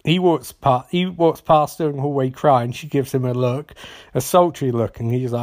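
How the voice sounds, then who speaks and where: A man's voice: mid-range voice, moderate pace, darkish tone. A man hosting a podcast, recapping in a casual comedic way, rambling with stammered restarts and swearing. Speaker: podcast host.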